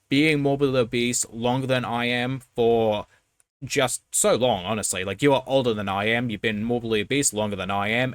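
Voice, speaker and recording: A man's voice: lowish voice, fairly bright tone, dry recording. A man in his twenties hosting a reaction video, talking bluntly and with exasperation, swearing now and then. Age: 20s. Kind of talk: casual commentary.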